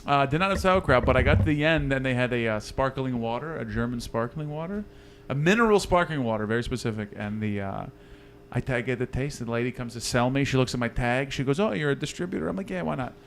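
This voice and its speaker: A man's voice: mid-range voice, lively intonation, fast talker, fairly bright tone, a little hiss or hum. A man, a comedy podcast co-host telling a joking story in casual banter and swearing freely.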